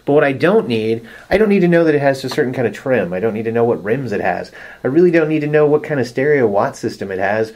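A man's voice: medium pitch, lively intonation, fast, darkish tone. A man co-hosting a casual writing podcast, explaining his points at length and agreeing readily with the others. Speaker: podcast co-host, writer. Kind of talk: casual panel discussion.

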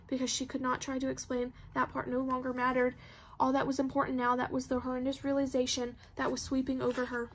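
A woman giving plain, even scripted narration of a novel as an audiobook reader. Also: high voice, fast, slight background noise.

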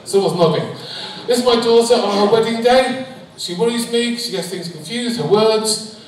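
Scouse man telling deadpan stand-up jokes. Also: sits high, normal speed, slight background noise. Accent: Liverpool. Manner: deadpan one-liners. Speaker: stand-up comedian. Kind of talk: stand-up comedy set. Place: large hall on stage. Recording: echoey hall, mic at a distance.

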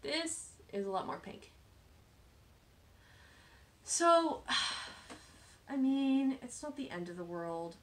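A woman hosting a knitting podcast, chatting casually as she shows her projects, self-deprecating and often dropping into soft asides. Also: sits high, very animated, slow, long pauses, slight background noise. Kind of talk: casual show-and-tell chat.

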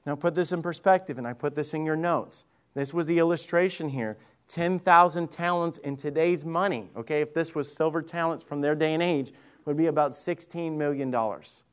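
Male pastor, high-pitched, chatty preaching with restarts and questions to the pews. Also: normal speed, smooth. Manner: conversational preaching with frequent restarts and questions to the congregation. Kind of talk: sermon. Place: church sanctuary.

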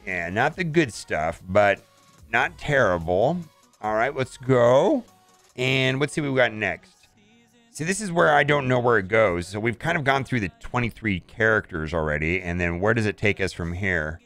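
A man's voice: lowish voice, animated, normal speed, fairly bright tone, dry recording, soft background music. Chatty man commenting on his gameplay. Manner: chatty, thinks aloud, many "all right"s. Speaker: mobile game streamer.

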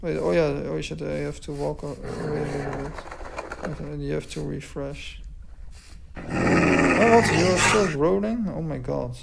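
A man's voice: a little high, a little slow, creaky. A man giving casual gameplay commentary, talking to the dogs in the game, puzzled and mocking himself. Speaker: gaming commentator. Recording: loud background noise.

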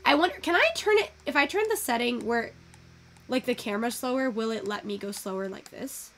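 A young woman giving casual, excitable commentary while taking in-game photos, swearing freely and gushing over what she sees. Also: a little high, a little fast, gravelly. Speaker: virtual photography creator.

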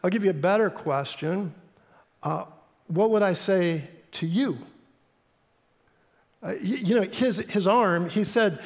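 A middle-aged pastor with a Midwestern accent, telling a story in a sermon in an earnest, halting way with fillers. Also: male voice, high voice. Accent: American Midwestern. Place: church sanctuary. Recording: long hall reverb in a church.

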